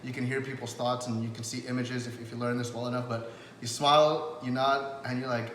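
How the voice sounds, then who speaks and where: His voice is medium-pitched and fairly bright, with fairly even intonation and a brisk pace, as he teaches rapport skills to camera. The loose, chatty lesson is full of fillers, restarts and acted-out quotes. It was recorded in an echoey room with long reverb.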